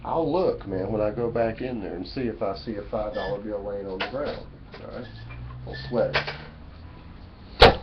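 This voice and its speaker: A man's voice: fairly low pitch, unhurried, pauses often. A man talking straight to his webcam in a rambling, folksy, preachy way, full of "you know" and "man". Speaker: vlogger. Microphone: webcam mic. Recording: dull lo-fi webcam audio with faint room noise.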